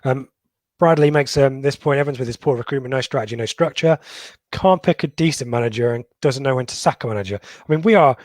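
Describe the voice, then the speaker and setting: A middle-aged man co-hosting a football podcast, reading out viewers' comments in a halting, casual way with many pauses and ums. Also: medium pitch, dry recording. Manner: halting, lots of ums and restarts. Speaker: podcast co-host.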